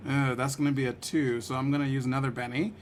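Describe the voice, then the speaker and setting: A man playing a tabletop game, talking quickly and casually, often laughing. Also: medium pitch, little pitch movement, slight background noise. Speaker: player.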